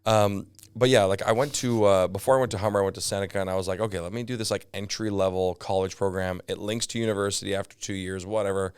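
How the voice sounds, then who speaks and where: A man's voice: sits low, quick pace, hardly any pauses, clean tone, no echo. A Canadian man, a comedian and podcast guest, telling stories in a casual chat full of asides and fillers. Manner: animated storyteller, lots of fillers and asides.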